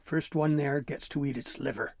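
A man's voice: medium pitch, fairly even intonation, moderate pace, darkish tone, dry recording, clean studio sound, natural voice. A man voicing an impatient, hungry male troll who growls and grumbles. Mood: grumbling.

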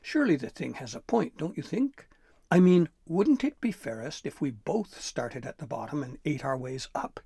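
A man voicing a greedy, squabbling female troll who coos pet names in a high, shrill voice. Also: animated, moderate pace, gravelly, dark tone, breathy edge, no room sound, studio quality, full character voice. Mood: cooing.

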